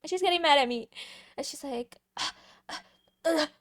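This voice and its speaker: A young woman vlogger telling a casual story, chatty and playful, swearing freely with quick asides. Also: sits high, a bit bright, dry recording, clean studio sound.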